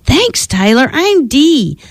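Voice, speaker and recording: A woman's voice: high voice, sing-song, slow, no room sound, voice pushed up, exaggerated voice. A woman reading a storybook voicing an eager young girl who helps cook.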